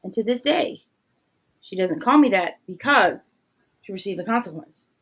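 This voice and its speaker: A woman from a big city, telling a story in a casual discussion. She is animated and plays out the voices of the people in her story. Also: medium pitch, moderate pace, husky. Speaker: podcast guest.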